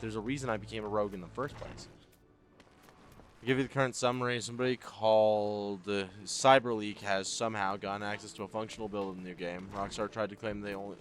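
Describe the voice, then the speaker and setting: A man streaming a game live, chatting excitedly and casually with viewers, swearing now and then. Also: on the low side. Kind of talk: casual gaming livestream chat.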